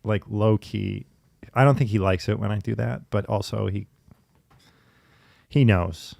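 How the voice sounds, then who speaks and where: A man in casual conversation, telling stories in a chatty, lively way with laughing asides. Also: fairly low pitch, unhurried, vocal fry, no room sound. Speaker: podcast guest in therapy talk. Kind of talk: casual storytelling.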